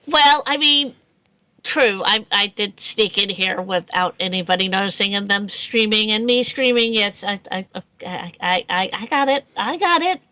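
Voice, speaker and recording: A woman voicing a small, feisty female alien with shark ancestors, stammering and quick to bicker. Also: medium pitch, animated, pushed and bright, no room sound, voice pushed down, low-quality recording. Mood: flustered. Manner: flustered, stammering and quick to argue.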